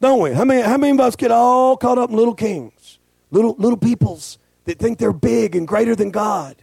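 A male pastor, preaching a folksy, joking sermon that swells into shouting. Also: very high voice, a little fast, vocal fry, breathy edge, no room sound.

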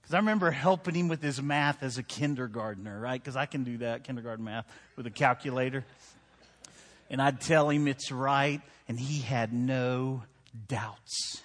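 A man in his thirties preaching to a congregation, easygoing and conversational, tossing in jokes and asking the room for agreement. His voice sits at a mid pitch. It rings out with a long reverb off a large hall. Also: moderate pace. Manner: conversational, joking, asks the crowd "right?". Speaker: pastor. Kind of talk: sermon with personal stories. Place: church hall.

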